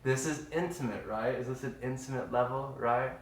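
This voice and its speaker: Chatty man, live-stream host, mid pitch, roomy kitchen echo. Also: steady tone, moderate pace, slight background noise. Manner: upbeat, chatty, says "y'all" a lot. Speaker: livestream host. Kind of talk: casual live-stream chat. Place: home kitchen.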